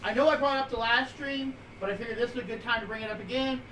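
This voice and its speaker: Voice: medium pitch, quick pace, bright, forceful tone. A streamer in their forties co-hosting a live show, casually rambling through wrestling news items with lots of fillers. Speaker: streamer co-host. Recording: roomy, distant from mic, faint noise.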